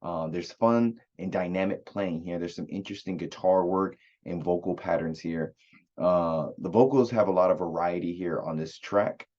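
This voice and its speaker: Low-voiced man casually reviewing music. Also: moderate pace, a little mellow, dull audio. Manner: loose and rambling, many fillers and restarts. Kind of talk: casual spoken album review.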